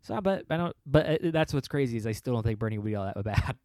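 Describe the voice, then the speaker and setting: A man's voice: mid-range voice, animated, fast talker, a little mellow, dry recording. A man hosting a podcast in casual chat, rambling and sarcastic, laughing often and mocking the people he quotes. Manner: mocking put-on quoted voices. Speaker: podcast host.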